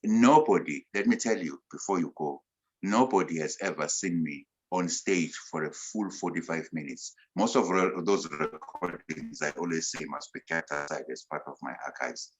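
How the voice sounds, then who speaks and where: A South African man giving an emphatic motivational talk over a video call, swinging between loud and soft. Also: a bass voice, normal speed, poor audio. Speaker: motivational speaker.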